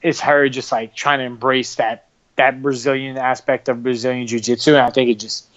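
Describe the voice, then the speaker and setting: A man chatting casually on a podcast, halting and repeating his words as he talks. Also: medium pitch, little pitch movement, fairly bright tone, dull audio.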